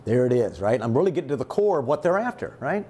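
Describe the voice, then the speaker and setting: A man's voice: medium pitch, quick pace, slight background noise. A middle-aged man teaching a test-prep lesson, explaining step by step and checking in with his listeners again and again. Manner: lively, rhetorical, constant "right?" check-ins. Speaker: high school math teacher.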